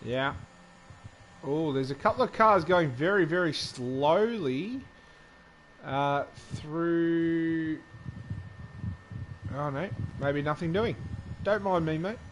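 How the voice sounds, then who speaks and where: A man's voice: a little high, lively intonation, slow pace, long pauses, a little hiss or hum. A man co-commentating a sim race in a laid-back, teasing style, chatting with the host. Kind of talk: casual live race commentary.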